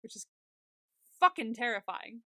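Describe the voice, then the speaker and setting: A woman's voice: fairly high pitch, big pitch swings, a little slow, sharp tone, dry recording. A young woman co-hosting a podcast, animatedly retelling a TV episode in casual chat, full of "like" and fillers. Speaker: podcast co-host.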